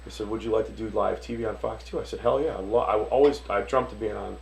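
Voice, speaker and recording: A Detroit chef spins a lively yarn in a gravelly voice, jumping into the voices of the people in his story. He talks the loose, casual way a man does among friends. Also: fairly low pitch, quick pace, low-quality recording. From Detroit, USA. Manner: animated storyteller, acts out voices, swears casually. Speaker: restaurant owner and chef.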